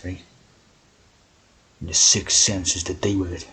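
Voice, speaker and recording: A man's voice: sits low, flat delivery, measured pace, creaky, long pauses, bright, forceful tone, slight background noise, poor audio. A man talking in a rambling monologue, constantly tagging his sentences with "right?" and "you know".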